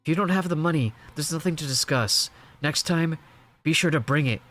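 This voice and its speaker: A man putting on a brisk young woman who cares only about money, with the voice nudged a little higher and louder than his own. She sounds curt and dismissive, a cash-first character from a comic read aloud. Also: faint music behind, lightly acted. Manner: curt, brushing someone off.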